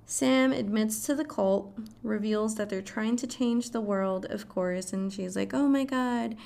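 Slow, gravelly woman recapping a show. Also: medium pitch, steady tone, dark tone. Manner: casual, swears freely, dramatic asides. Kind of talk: casual plot recap.

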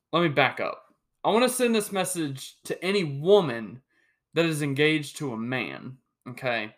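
A young man hosting a solo sports podcast, talking in an animated, joking way with many restarts. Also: on the high side. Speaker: podcast host.

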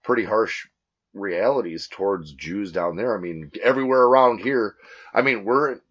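A man's voice: lowish voice, normal speed, fairly bright tone, breathy edge. A married man co-hosting a podcast in a small home studio, joking crudely and rambling with lots of fillers. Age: adult, married. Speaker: podcast co-host. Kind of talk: casual crude banter. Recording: dull lo-fi recording.

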